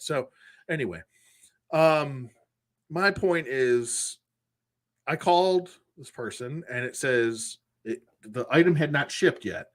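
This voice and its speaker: Hosting a collectors' show, a man recounts a frustrating customer service story casually and with exasperation, acting out the phone calls in quoted voices. His medium-pitched delivery is slow and expressive.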